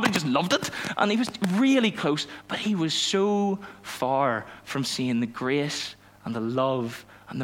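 A young man, a youth pastor telling a personal story in a sermon, animated and self-mocking, acting out the dialogue. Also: fairly high pitch, a little hiss or hum. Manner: animated storytelling, laughs at himself, acts out dialogue.

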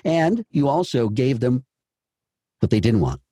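A man's voice: medium pitch, big pitch swings, measured pace, dark tone, slightly rough, no echo, clean studio sound. A man coaching a voice actor through a script, encouraging and repeating himself as he explains. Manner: encouraging, repeats words and restarts. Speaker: voice-over coach. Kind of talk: coaching session.

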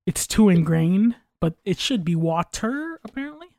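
A man's voice: high-pitched, animated, moderate pace, creaky, mellow, no echo, clean studio sound. A man chatting casually on a podcast, opinionated and rambling, with frequent swearing. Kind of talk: casual chat.

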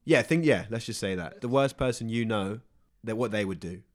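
A man's voice: fairly low pitch, brisk. A young man, a podcast host, reading his own story aloud in a dry, understated way and chatting casually.

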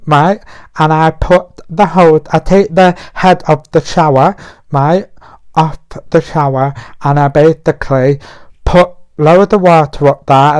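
A man hosting a casual podcast monologue from his bedroom, talking crudely and without pause. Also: on the high side, clear, resonant tone. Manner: crude, rambling, talks nonstop. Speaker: podcast host. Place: bedroom in a flat.

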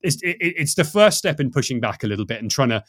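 Fast-talking middle-aged man, dry close mic. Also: medium pitch, breathy edge, no room sound. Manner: fast, animated, many restarts and fillers. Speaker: podcast guest, coach. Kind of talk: casual podcast conversation.

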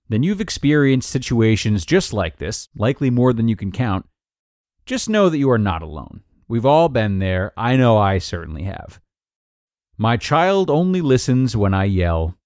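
A male podcast host reads a blog post aloud in an upbeat, expressive voice. His pitch sits in a middle range but swings widely as he leans on key words. The sound is dry and close, with no room echo. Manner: upbeat, expressive reading with emphatic rises. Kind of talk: reading a parenting blog article aloud.

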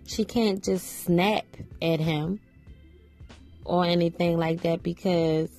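A woman's voice: on the low side, fairly even intonation, slow pace, a little mellow, soft background music. A woman hosting a podcast, giving casual opinions on a reality show in a chatty way, full of "you know" fillers. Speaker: podcast host.

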